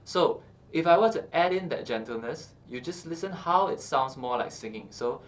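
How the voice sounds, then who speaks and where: A man teaching singing, explaining calmly with many fillers and checking in with "okay" as he goes. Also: fairly high pitch, moderate pace. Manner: explains calmly with frequent uh and okay, breaks into short sung examples. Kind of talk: instructional talk with sung demonstrations.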